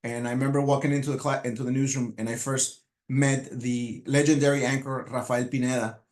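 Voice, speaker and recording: A man in his fifties whose first language is Spanish, giving a motivational speech about his life, halting with many restarts and fillers. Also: medium pitch, level tone, a little mellow. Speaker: motivational speaker. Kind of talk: personal storytelling speech.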